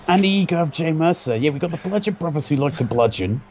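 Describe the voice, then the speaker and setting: A man's voice: a little high, animated, fast talker, a little mellow, slight background noise. A man doing joking, casual play-by-play commentary, sarcastic and swearing freely.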